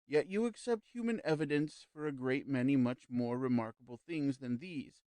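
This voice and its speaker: A smooth-talking spirit medium, read by a man, calm and persuasive, with a slow, reassuring delivery. The voice sits in a mid register, and the recording is close and dry. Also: mid-range voice, no echo, lightly acted. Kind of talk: audiobook character reading.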